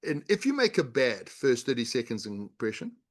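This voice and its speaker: A middle-aged man speaking as an interview guest at an ordinary pitch. He teaches in a steady, instructive way, walking through everyday examples and demonstrations. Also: moderate pace. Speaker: guest, body language author and leadership coach. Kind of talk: explanatory interview talk.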